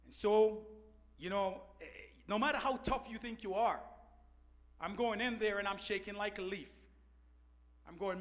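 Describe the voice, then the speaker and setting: A man with a high-pitched voice telling a heartfelt story to a large audience. He speaks earnestly, like a seasoned sergeant, and sometimes sinks almost to a murmur. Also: expressive, moderate pace, long pauses. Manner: earnest storyteller, drops to a hushed voice at emotional points. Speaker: Air Force first sergeant, panelist. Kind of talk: personal story told to an audience. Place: large auditorium.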